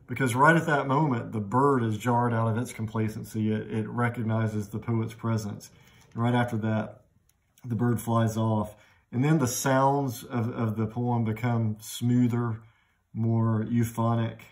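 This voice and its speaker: A middle-aged man giving a recorded literature lecture in a conversational way, often repeating words as he thinks and slowing down to read poem lines aloud. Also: mid-range voice, level tone.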